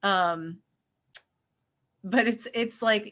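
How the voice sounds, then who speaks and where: A middle-aged woman chatting casually about relationships. She talks in an animated way, acting out what others said and breaking into laughter. Her voice sits at an ordinary pitch for a woman. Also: moderate pace. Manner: animated storyteller who acts out quotes and laughs. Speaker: co-host. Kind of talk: casual spiritual chat.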